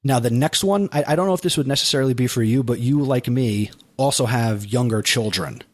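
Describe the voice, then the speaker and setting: A man hosting a podcast in casual chat, who slows down to spell out web addresses. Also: medium pitch. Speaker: podcast host.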